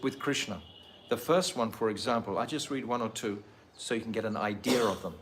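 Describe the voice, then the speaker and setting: Male spiritual teacher, mid-pitched, unhurried scripture class with fillers and asides to listeners, faint background noise. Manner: explanatory, pauses with fillers, asks listeners questions. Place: holy site, live talk to a group.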